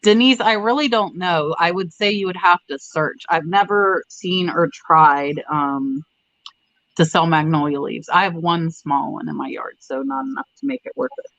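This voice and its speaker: Rambly woman livestream host, bright voice, dull lo-fi audio, reading chat names out. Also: lowish voice, animated, normal speed, no room sound. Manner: rambling, chatty, reads out viewer comments. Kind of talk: casual live chat.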